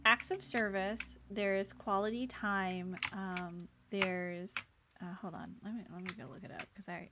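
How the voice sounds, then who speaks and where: A woman's voice: mid-range voice, a little slow, hardly any pauses. A woman streaming a game, chatting casually and giggly while reading chat aloud. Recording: audible background noise and keyboard clicks.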